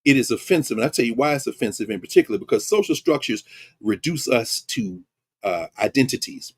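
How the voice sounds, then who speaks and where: A middle-aged man hosts a class in a loose, conversational lecture style, full of emphatic asides. His voice sits at an ordinary middle pitch. The recording is dry and close. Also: expressive, fairly quick, breathy edge, dry recording. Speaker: professor hosting an online class. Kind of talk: informal lecture.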